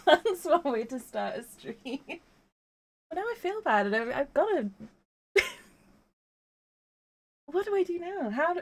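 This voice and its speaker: Brief: young woman streamer, giggly and tearful, slightly high, unhurried. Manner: giggly, emotional, talks softly. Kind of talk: live-stream chat.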